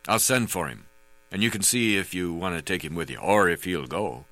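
A man voicing a crude, hard-drinking heavyset older rancher and magistrate with a croaking, blunt, swearing manner. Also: low-pitched, normal speed, fairly bright tone, no echo. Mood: jovial.

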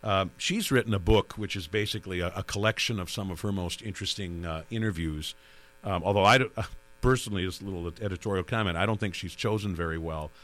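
A man with a low voice talks about hosting radio interviews. He rambles, doubles back and restarts his sentences as he tells his stories. A faint mains hum sits under the recording. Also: fast talker, fairly bright tone. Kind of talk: conversational interview.

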